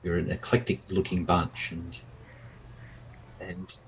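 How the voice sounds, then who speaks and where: Deep-voiced man narrating a game. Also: monotone, slight background noise, poor audio. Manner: halting, many restarts and fillers. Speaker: game master. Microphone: online call mic.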